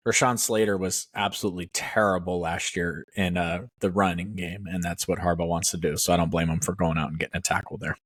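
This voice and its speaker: A man with a low voice gives opinionated, wry sports takes and speeds up in quick bursts. His delivery is loose and conversational. The close, dry sound carries no room echo. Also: steady tone, a bit bright, breathy edge. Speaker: podcast co-host. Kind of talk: casual sports chat.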